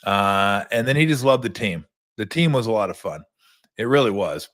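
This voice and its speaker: Middle-aged male host, former player, casual and animated storyteller who stumbles over his words. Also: on the low side, normal speed.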